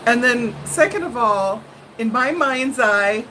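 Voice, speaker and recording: A woman hosting a live stream, telling viewers a story in a dramatic, animated way and laughing often. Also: on the high side, slow, a little hiss or hum, poor audio.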